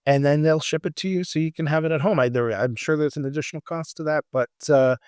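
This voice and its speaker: A man's voice: on the high side, steady tone, fast, darkish tone, clear, resonant tone, dry recording, clean studio sound. A man co-hosting a casual travel podcast, rambling with many fillers and restarts. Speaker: podcast co-host.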